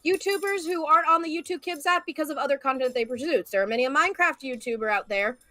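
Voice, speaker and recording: A woman's voice: high-pitched, fast, sharp tone, no echo. A woman co-hosting a livestream in casual chat, joking and often laughing. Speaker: co-host.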